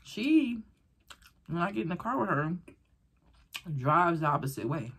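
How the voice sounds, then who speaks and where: A woman vlogger casually telling a story while eating, animated and rambling, acting out the voices of people she quotes. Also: fairly low pitch, measured pace. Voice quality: very breathy, husky.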